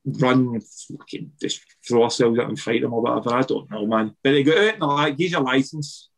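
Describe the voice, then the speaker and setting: A Scottish former footballer with a mid-range, gravelly voice tells a wild story briskly in casual chat. He's animated, swears freely and acts out what others said, and the audio is poor.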